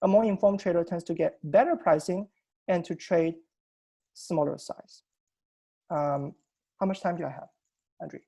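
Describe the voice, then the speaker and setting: A man's voice: fairly high pitch, moderate pace, creaky, long pauses, warm tone. A man giving an academic seminar talk over a video call, explaining technical points methodically and often restarting his sentences. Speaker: presenter.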